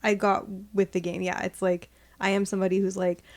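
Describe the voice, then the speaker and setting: A woman's voice: mid-range voice, fairly quick. A woman in casual chat, speaking animatedly and filling her sentences with "like" as she acts out what others say. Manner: animated, lots of "like" fillers, acts out quotes. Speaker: podcast guest.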